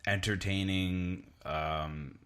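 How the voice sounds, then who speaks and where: Deep-voiced man in casual chat. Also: very slow, smooth. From Canada. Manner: relaxed, lots of "like" fillers. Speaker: podcast co-host.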